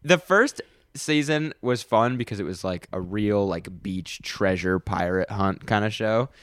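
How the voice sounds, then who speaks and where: A man's voice: unhurried, no echo, clean studio sound. Young man co-hosting a chatty podcast. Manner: jumps into loud high-pitched mock voices. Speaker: podcast co-host. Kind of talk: casual chat. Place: studio.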